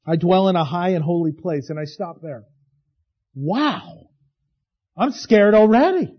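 Impassioned high-voiced male preacher. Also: lively intonation, measured pace, breathy edge, highs cut off. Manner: impassioned preaching, swinging from hushed to loud. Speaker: pastor. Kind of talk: sermon.

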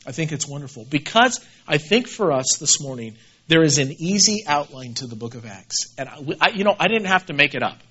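A man preaching a sermon as pastor, animated, swinging between loud emphasis and quiet asides and repeating key words. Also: a little high, fairly quick, slightly rough, muffled recording.

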